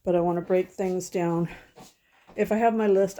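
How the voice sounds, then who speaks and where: A middle-aged woman talks casually at home, rambling from one thing to the next with a sentimental streak. Her voice sits a little low and sounds mellow and soft-edged. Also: steady tone, moderate pace. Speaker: vlogger. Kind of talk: casual chat.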